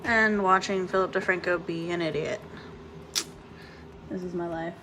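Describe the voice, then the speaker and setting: A woman's voice: lowish voice, steady tone, normal speed, noisy background. A young woman chatting casually on a home vlog, swearing, laughing and ranting about her cat and her neighbors, filmed on a phone. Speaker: vlogger. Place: home, bathroom and office.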